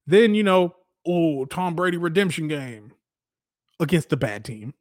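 A man hosting a casual football commentary show, giving opinionated, animated takes with lots of filler words. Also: high-pitched, dry recording, studio quality. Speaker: sports podcast host.

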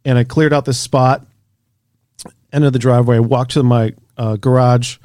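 A man in a casual interview, spinning an animated story with the odd swear word tossed in. His voice sits at an ordinary middle pitch, recorded close and dry with no room sound. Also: normal speed, dry recording. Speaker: author and researcher.

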